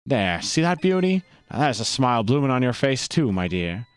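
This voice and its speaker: A man voicing a smooth-talking male gangster with a put-on Italian accent, flirty and theatrical, while reading game dialogue aloud. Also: mid-range voice, sing-song, brisk, no echo, close to an everyday voice. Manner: flirty, theatrical, overly gallant. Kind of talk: gameplay dialogue read-aloud.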